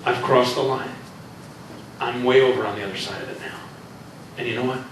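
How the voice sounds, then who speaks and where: A man reads an earnest young man who argues and pleads in a lowered, sincere voice. The sound is distant and heavily echoing, as in a big room. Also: fairly even intonation, a little fast, fairly bright tone, slight background noise, natural voice. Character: earnest young man torn between love and duty. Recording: echoey room from far off.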